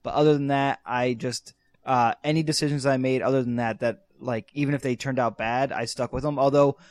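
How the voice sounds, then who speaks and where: A man's voice: mid-range voice, steady tone, brisk. A young man co-hosting a casual podcast chat, rambling and hesitant with many fillers. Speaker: podcast co-host.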